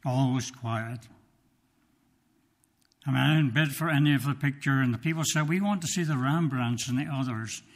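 A male preacher telling a story in a sermon, slow and emphatic, with dramatic pauses, reading from his notes. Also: medium pitch. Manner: reads from notes.

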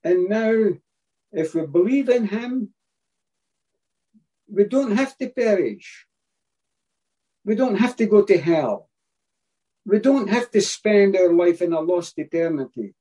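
Male preacher, sermon, high mellow voice, emphatic, repeats key phrases. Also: expressive, slow pace, pauses often, slightly rough, poor audio.

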